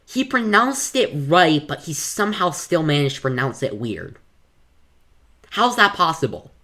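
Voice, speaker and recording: A woman reacting to a gameplay video with relaxed, amused comments. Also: low-pitched, measured pace.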